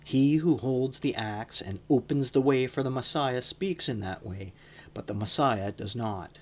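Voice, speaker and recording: A man voicing a gentle, calm young male teacher who speaks softly. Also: medium pitch, unhurried, natural voice.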